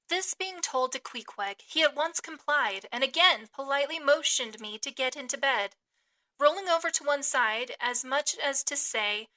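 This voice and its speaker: A woman reading a classic novel aloud as a podcast host, with expressive, dramatic phrasing. Her voice is high and bright with a crisp edge. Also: normal speed.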